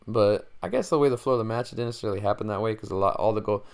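A man hosting his own podcast, rambling along casually and joking between fillers. His voice sits low, with a gravelly edge that stays smooth and clear. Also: quick pace, darkish tone. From Mexican-American. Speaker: podcast host. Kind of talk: casual solo chat.

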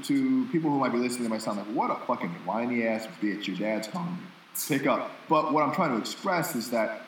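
A man in casual podcast chat, rambling candidly through a personal story and poking fun at himself. His voice sits at an ordinary pitch and carries a noticeable room echo, with faint ambience behind it. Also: a bit bright, recorded from a distance, slight background noise. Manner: candid, rambling storyteller with self-deprecating laughs.

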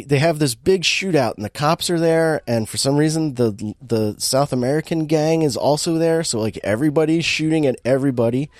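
A man talking casually, rambling through a story with many fillers and restarts. He sounds amused, and his voice is picked up close with a dry sound. His pitch sits in the middle range. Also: darkish tone, dry recording. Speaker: podcast co-host recapping a movie. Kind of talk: casual chat.

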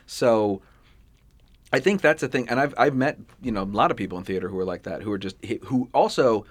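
A man in his thirties hosting a podcast, chatting casually about musicals and slipping into animated quoted voices. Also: mid-range voice, fairly quick. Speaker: podcast host.

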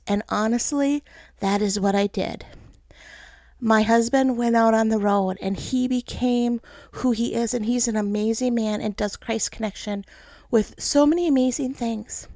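A woman's voice: a little high, creaky, a little mellow, no room sound, studio quality. A woman in her thirties giving an earnest, emotional sermon that draws on her own life and speaks straight to her listeners. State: tearful. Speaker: pastor's wife giving a message. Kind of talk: sermon, personal testimony.

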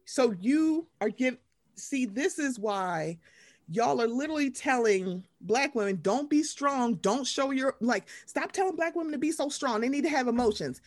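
Woman co-host, high and very lively voice, profane, fiery storyteller. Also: normal speed, dry recording, clean studio sound. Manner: profane, animated, acts out quoted voices. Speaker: podcast co-host. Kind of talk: casual reality-TV recap chat.

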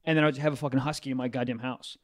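A young man in casual chat, telling a profane, animated story. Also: mid-range voice, rapid-fire.

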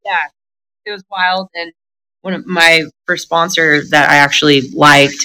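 A middle-aged woman talks candidly in a conversation, her voice bright and forward. She is blunt and profane, laughing as she goes and acting out other people's lines as she tells her story. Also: low-pitched, steady tone, a little slow, poor audio. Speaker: guest telling her recovery story.

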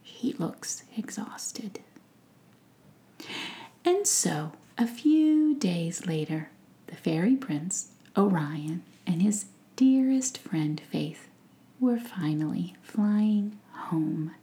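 A woman narrating a bedtime story in a hushed, soothing whisper. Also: lowish voice, very animated, takes it slowly.

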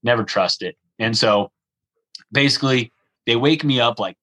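A man's voice: mid-range voice, moderate pace, rough recording. A young man telling a travel story in a casual conversation, acting out the dialogue and using lots of "like" fillers. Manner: animated, acts out the dialogue, frequent "like" fillers.

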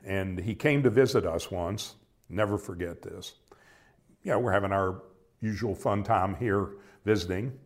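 Older american man, very deep voice, reflective storyteller, halting delivery. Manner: reflective, halting, with many restarts and quoted dialogue. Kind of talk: personal storytelling.

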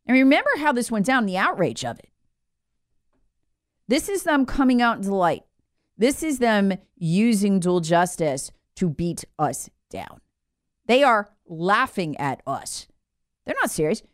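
A woman's voice: mid-range voice, big pitch swings, measured pace, no echo. A woman host delivers opinionated political commentary with open sarcasm, her voice swinging widely up and down. She hammers each point with repeated reminders and a mocking edge. The sound is dry and close, with no room around it. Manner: slips into mock voices to ridicule officials. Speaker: political talk show host.

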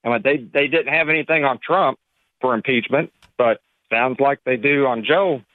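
A man's voice: medium pitch, normal speed, dry recording. Guy calling into talk radio, polite, bit hesitant, tinny phone line. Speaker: caller. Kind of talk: phone-in caller.

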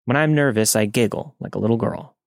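A man reads a true-creep story aloud, steady and measured, at a middling pitch. The sound is close and dry, with no room around him. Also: gravelly, dry recording. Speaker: horror story narrator. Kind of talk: scripted first-person narration of a listener story.

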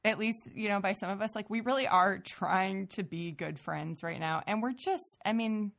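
A woman's voice: medium pitch, moderate pace, vocal fry, a bit bright. Self-deprecating woman podcast host. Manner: self-deprecating, searching, thinking aloud. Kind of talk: casual conversation.

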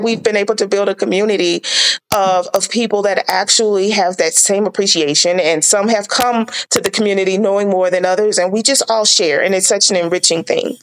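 A woman being interviewed as a small business owner, talking earnestly and reflectively with frequent fillers and restarts in a casual conversation. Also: mid-range voice. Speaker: tea business owner guest.

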